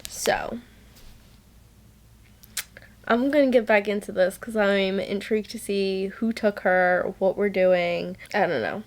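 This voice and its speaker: A young woman recaps a novel in a casual reading vlog. She talks at an unhurried, drawn-out pace, gushing and excitable, and now and then reads passages aloud. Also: mid-range voice. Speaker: book vlogger.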